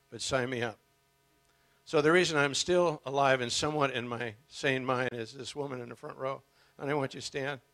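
A man's voice: mid-range voice, fairly bright tone, no room sound. An older man preaching as a guest speaker, earnest and emotional, telling his story with humor. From United States. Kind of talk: sermon.

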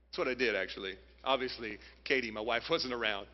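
A man in his thirties preaching a sermon, telling a personal story in an animated way and speaking straight to his audience. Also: mid-range voice, fast, hardly any pauses, a little hiss or hum. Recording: muffled, reverberant hall sound.

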